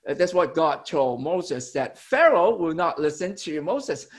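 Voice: mid-range voice, animated, moderate pace, few pauses. A preacher giving a teaching sermon, explaining step by step to a congregation and often restarting and correcting phrases mid-sentence.

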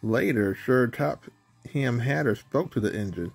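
A man's voice: medium pitch, lively intonation, unhurried, vocal fry, slightly rough. A man reading a children's picture book aloud, stumbling over words now and then. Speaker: storybook reader.

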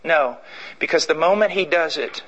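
Male preacher, high and bright, who drives points home through repetition. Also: normal speed, lo-fi sound. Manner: emphatic and repetitive, acting out stories. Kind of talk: sermon.

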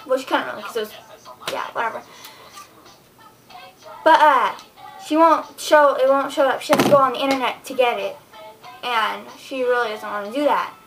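A woman's voice: a little high, normal speed, pauses often, music in the background, poor audio. A teenage girl vlogging to her viewers, rambling and exasperated as she chats casually to the camera. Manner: rambling, chatty, exasperated storytelling.

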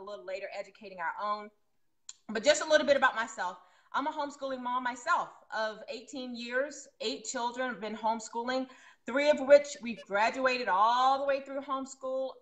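A woman's voice: fairly high pitch, bright, forceful tone. A woman in her forties hosting a homeschooling podcast, talking in an encouraging and emotional way. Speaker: podcast host. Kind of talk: podcast interview.

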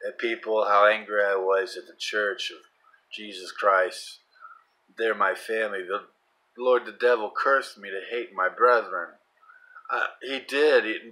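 A middle-aged man giving a fervent religious monologue, repeating himself and swinging from soft prayer to loud, urgent testimony. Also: lowish voice, steady tone, normal speed, poor audio. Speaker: Christian vlogger.

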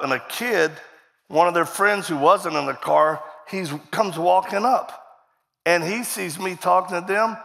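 A man's voice: fairly high pitch, creaky, sharp tone. A middle-aged man preaching a storytelling sermon, acting out dialogue and laughing often as he talks. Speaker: guest preacher. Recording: reverberant hall.

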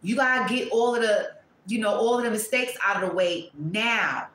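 A woman reading tarot to camera, blunt and profane, breaking into loud exclamations and dropping to quieter asides. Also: medium pitch, normal speed, reverberant, poor audio. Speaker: tarot reader.

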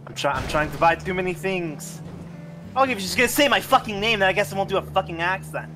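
A man's voice: high-pitched, lively intonation, fast, music in the background. A man voicing his character in a roleplay game, exasperated and ranting at his crew over voice chat. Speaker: roleplay player.

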